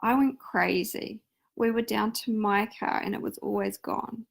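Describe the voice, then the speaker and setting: Gravelly-voiced woman reading her memoir. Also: mid-range voice, a little slow. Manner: earnest, confessional reading. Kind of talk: first-person memoir reading.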